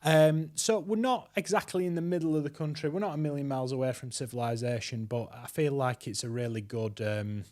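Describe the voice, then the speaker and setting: A man's voice: medium pitch, a little fast, hardly any pauses, a little mellow. A man co-hosting a guitar school podcast, talking in a chatty, casual way and often repeating words as he starts a sentence. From West Yorkshire, England. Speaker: podcast co-host, guitar teacher.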